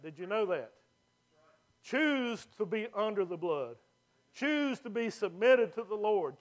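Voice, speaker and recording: High-voiced folksy preacher. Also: male voice. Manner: folksy preaching, swings from quiet to loud emphasis. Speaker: pastor. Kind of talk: sermon.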